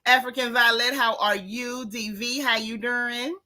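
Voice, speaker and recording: Woman, livestream host, folksy chatty talk, bright tone. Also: on the high side, steady tone, unhurried. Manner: chatty, folksy Southern slang, calls everyone sis and baby. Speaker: livestream host greeting chat viewers. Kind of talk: casual reality TV gossip livestream.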